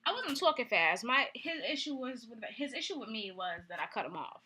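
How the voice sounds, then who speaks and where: A young woman vlogging casually, telling a candid story in an animated way and acting out what people said. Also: on the high side, brisk, breathy edge.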